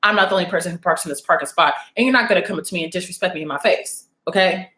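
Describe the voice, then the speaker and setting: A woman's voice: on the low side, very fast, bright, forceful tone, echoey room. A young adult woman telling a story and giving blunt advice in a casual vlog, swearing freely and often asking "okay?". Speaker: oracle card reader and channel host.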